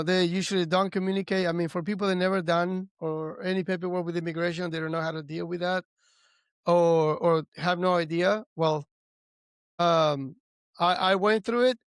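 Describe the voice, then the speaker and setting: A man's voice: high-pitched, clean tone, no room sound, studio quality. A man hosting a podcast interview, giving earnest, frustrated commentary with small slips and restarts. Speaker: podcast host.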